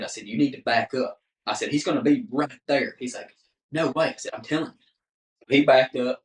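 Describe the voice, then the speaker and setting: Speaking at a quick pace and medium pitch, a male podcast guest animatedly narrates a story in casual talk, playing out the dialogue himself. The room echoes, since the mic is placed far off.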